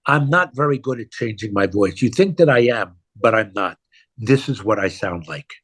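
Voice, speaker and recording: A man, an actor, talking about his work in a conversational interview, animated and self-deprecating. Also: on the low side, normal speed, slightly rough. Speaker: actor guest.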